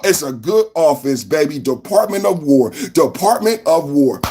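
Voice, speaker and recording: A man hosting a live-stream political podcast, ranting loudly with lots of repetition and sing-song chanting at his chat. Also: sits high, expressive, unhurried, few pauses, husky, soft background music. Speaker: podcast host.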